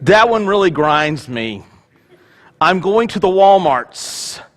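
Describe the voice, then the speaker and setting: A man's voice: high-pitched, big pitch swings, slow pace, a bit bright. A male pastor giving a conversational sermon with joking asides.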